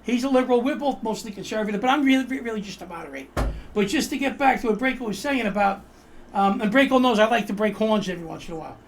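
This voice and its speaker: High-voiced, fast-talking man hosting. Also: a little hiss or hum. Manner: joking, teasing, rambling. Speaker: host. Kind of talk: casual political chat show.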